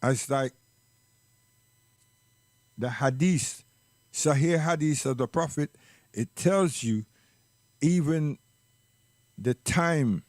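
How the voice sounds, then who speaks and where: Man, reflective storyteller, unhurried delivery, dry close sound. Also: a little high, a little mellow, no echo. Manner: slow and reflective, repeats words for emphasis. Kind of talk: personal storytelling monologue.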